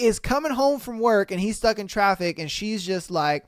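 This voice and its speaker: A man's voice: sits high, animated, normal speed, hardly any pauses, clean tone, dry recording, studio quality. A man hosting a podcast who reads dating stories aloud and reacts with slangy, exclamatory rants, calling his listeners bro. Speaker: podcast host. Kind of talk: casual reaction commentary.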